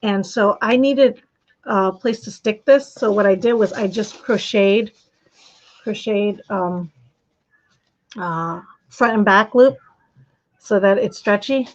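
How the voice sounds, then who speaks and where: A woman's voice: mid-range voice, slow, long pauses, highs cut off. A woman hosting a casual knitting live stream, chatting in a rambling, friendly way and answering viewers as she shows her supplies. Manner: rambling, chatty, with frequent restarts and laughs. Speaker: knitting podcast host.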